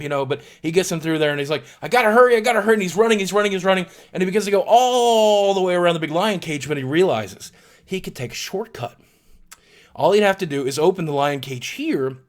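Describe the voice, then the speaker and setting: A man telling a long shaggy-dog joke, with an animated, drawn-out buildup and sudden jumps in his voice. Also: fairly high pitch. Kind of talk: comedic storytelling.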